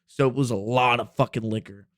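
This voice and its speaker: A man's voice: medium pitch, fairly even intonation, a little fast, fairly bright tone, dry recording, studio quality. A man in his twenties telling a rambling, profane story on a casual podcast. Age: 20s. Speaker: podcast host.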